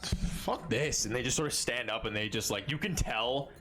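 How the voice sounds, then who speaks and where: A man's voice: medium pitch, brisk, bright, forceful tone, faint music behind. A man narrating a tabletop game as game master in a loose, filler-heavy way.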